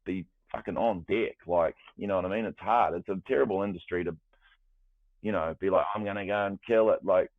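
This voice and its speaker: Deep-voiced New man on a tinny line. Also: fairly quick, dry recording. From New Zealand. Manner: animated, rambling with restarts, swears freely. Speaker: guest, music producer. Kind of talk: casual chat. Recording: dry, tinny phone-like sound.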